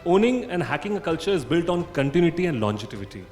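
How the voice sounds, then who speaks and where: A man's voice: fairly high pitch, big pitch swings, fast, darkish tone, soft background music. A man speaking as a marketing panelist at a conference, talking in an assertive, emphatic way.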